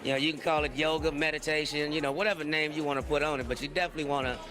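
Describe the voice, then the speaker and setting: A man's voice: on the high side, fairly even intonation, rapid-fire. A man in an interview clip, talking in a preachy, playful way and calling people baby. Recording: outdoor clip with music and crowd.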